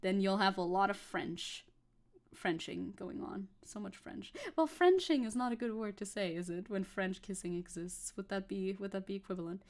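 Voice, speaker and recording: A woman's voice: medium pitch, moderate pace, a little mellow. A young woman streamer chatting casually and rambling while she paints, swearing now and then. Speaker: VTuber streamer.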